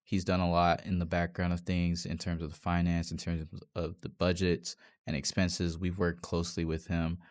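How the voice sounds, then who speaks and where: A man's voice: deep voice, monotone, moderate pace, hardly any pauses, darkish tone. A man in a casual conversation who speaks earnestly and often agrees with the other speaker. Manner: affirming, often says "right", earnest.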